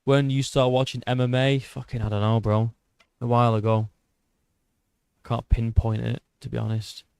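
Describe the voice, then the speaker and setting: A British man in his twenties who hosts a YouTube MMA channel chats casually on a livestream, reading viewer comments and arguing back at them with a rough edge. He swears often and keeps restarting sentences, speaking in a flat, slightly mellow, mid-range voice at normal speed. The recording is dry and close, with no room sound.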